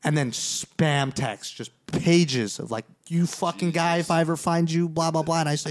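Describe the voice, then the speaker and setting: Podcast host guy, fairly high voice, swears a lot, jumps into quoted voices mid story. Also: normal speed, few pauses. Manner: profane, animated, acts out quoted dialogue. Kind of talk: casual storytelling chat.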